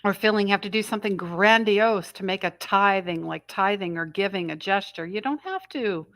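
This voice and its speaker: A woman's voice: medium pitch, normal speed, a bit bright, no echo. Middle-aged woman host, spiritual live talk, rambling and self-interrupting, dry close sound. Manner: rambling, self-interrupting, channels messages she hears. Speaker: intuitive astrology host. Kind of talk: live spiritual energy update.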